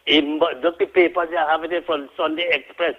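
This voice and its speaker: A Trinidadian man phoning into a talk radio show, his voice sitting a bit high and coming through a muffled, narrow line. He talks in a heated, indignant rush, circling back to his complaints. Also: little pitch movement, fairly quick. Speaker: caller. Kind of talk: call-in radio rant.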